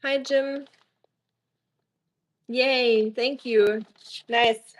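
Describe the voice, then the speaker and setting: A woman's voice: a little high, steady tone, very slow, low-quality recording. Chatty streamer woman. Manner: chatty, answering viewers' messages. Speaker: live streamer. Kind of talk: casual live-stream chat.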